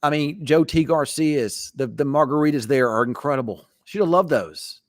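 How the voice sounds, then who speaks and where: A man's voice: on the high side, normal speed, no echo, clean studio sound. A man hosting a weather show, chatting casually in a rambling, teasing way. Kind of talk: casual late-night live chat.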